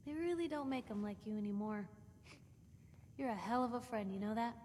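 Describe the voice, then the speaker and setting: A woman's voice: fairly high pitch, lively intonation, darkish tone, natural voice. Chatty, nosy young reporter, a woman voicing her. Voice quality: chatty, quick, self-conscious. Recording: game audio with reverb and faint hiss.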